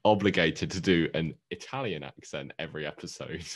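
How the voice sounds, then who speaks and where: A man's voice: very deep voice, fairly quick. A man co-hosting a podcast in casual chat, joking and tripping over words with a laugh. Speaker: podcast co-host.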